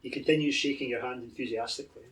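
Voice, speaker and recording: A man's voice: medium pitch, steady tone, racing, a bit bright, recorded from a distance, rough recording. Man narrating as game master. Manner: rambling, hesitant descriptions.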